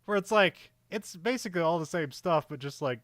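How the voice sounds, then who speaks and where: A man's voice: on the high side, brisk, no room sound. Rambling, laughing male film podcaster. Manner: rambling, laughs often, animated when excited. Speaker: podcast co-host. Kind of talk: casual film podcast chat.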